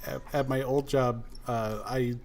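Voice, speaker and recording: A man's voice: medium pitch, fairly even intonation, a little slow, darkish tone, slight background noise. A man hosting a podcast, telling a story in casual chat and acting out both sides of a phone call. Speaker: podcast host.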